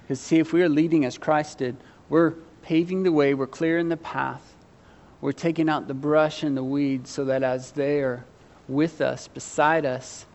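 A pastor with a medium-pitched, darkish voice preaches a sermon. He earnestly poses questions to his congregation, mixing in some self-deprecating humor.

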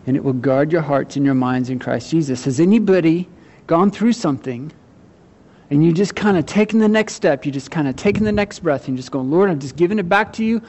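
Male pastor mid-sermon, a bit high-pitched, lively voices for quotes, hushed on scripture. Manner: animated, acts out voices in quotes, laughs often; drops to quiet, slow delivery on scripture.

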